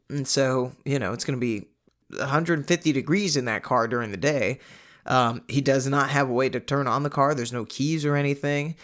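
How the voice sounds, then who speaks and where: A man hosting a podcast, recapping a novel in a casual, conversational way with frequent fillers and animated asides. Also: fairly high pitch. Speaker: podcast host.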